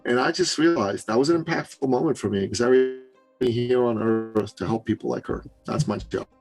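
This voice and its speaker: A middle-aged man from Canada with a gravelly, fry-edged voice at a medium pitch, telling a personal story as a podcast guest. He talks in an animated, emphatic way and acts out the quoted voices. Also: moderate pace, loud music behind the voice, poor audio. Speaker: podcast guest, business coach. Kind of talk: storytelling in an interview.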